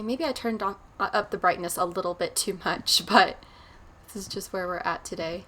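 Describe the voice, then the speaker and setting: A woman's voice: medium pitch, fairly even intonation, normal speed, fairly bright tone, a little hiss or hum. A woman hosting a horror game let's play, chatty and nervous, talking to herself as she explores. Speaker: gaming channel host.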